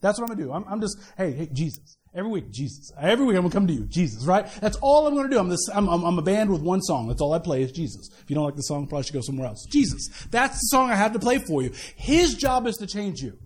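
A man with a strikingly high voice delivers a sermon at a church service. He talks to the congregation in a casual, lively way, stumbling into restarts and tossing off quick asides. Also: slightly rough. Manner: conversational and animated, with many restarts and quick asides. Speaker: pastor.

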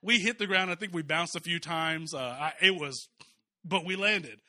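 A middle-aged pastor from Kansas City, telling a joking story in a casual sermon, full of fillers and restarts. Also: male voice, a little high, normal speed, bright, forceful tone. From Kansas City, US Midwest.

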